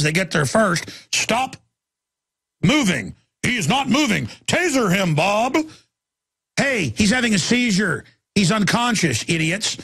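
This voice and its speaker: Gravelly, raspy man ranting on radio. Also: high-pitched, a bit bright, no room sound, clean studio sound. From Texas. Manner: heated, rambling, repeats words as he restarts. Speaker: radio talk show host. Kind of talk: ranting talk radio monologue.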